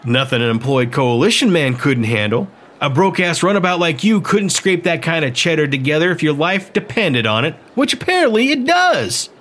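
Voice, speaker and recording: A man voicing a furious, sharp-tongued woman who patches up a battered fighter in an audiobook. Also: a little high, big pitch swings, normal speed, hardly any pauses, voice pushed up. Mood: scolding, sarcastic. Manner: scolding, sarcastic.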